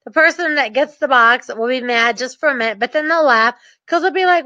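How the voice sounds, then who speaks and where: A woman tells a story casually and keeps breaking into laughter, with a mischievous, animated delivery. Her voice sits high and bright. The recording is dry and a little dull. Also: a little fast, hardly any pauses, no echo. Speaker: real estate dealmaker.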